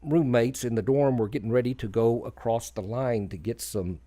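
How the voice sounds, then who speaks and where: A man's voice: mid-range voice, moderate pace, warm tone. A man from Texas co-hosting a community radio show, telling folksy stories in a rambling, self-deprecating way with many fillers. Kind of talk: casual radio chat and storytelling.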